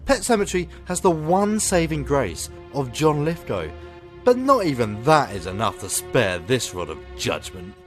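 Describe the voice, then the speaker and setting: Man, podcast host, sarcastic film takes, lively swooping pitch, faint music under. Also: moderate pace. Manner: sarcastic, animated delivery. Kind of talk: casual film review and chat.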